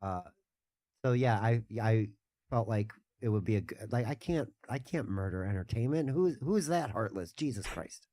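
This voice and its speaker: A man's voice: fairly low pitch, lively intonation, moderate pace, dark tone, no echo. A man as a guest in casual podcast chat, telling a gaming story in a rambling way with many restarts.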